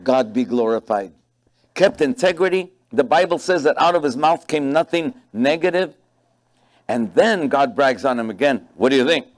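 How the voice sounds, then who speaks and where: A man's voice: a little high, moderate pace. A man preaching a sermon as a pastor, telling stories with animation and stressing key phrases. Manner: animated storytelling, acting out dialogue in voices.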